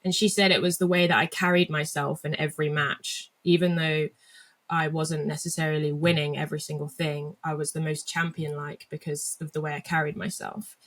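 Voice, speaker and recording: A young woman from England, a guest in an interview, sits in the lower part of her range. She is reflective and unhurried in a conversational way. Her storytelling circles back with fillers and restarts. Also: flat delivery. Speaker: guest athlete.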